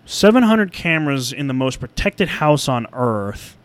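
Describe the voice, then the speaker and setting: A man co-hosting a podcast in casual chat, animated and swearing, acting out imagined dialogue. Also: mid-range voice, measured pace, dry recording. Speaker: podcast co-host.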